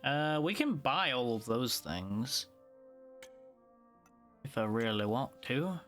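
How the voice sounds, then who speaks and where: A man's voice: mid-range voice, expressive, slow, a bit bright, soft background music. A tired man streaming a video game, casually thinking aloud as he plays. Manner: laid-back, sleepy, thinking aloud. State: tired, yawning. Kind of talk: casual gameplay commentary.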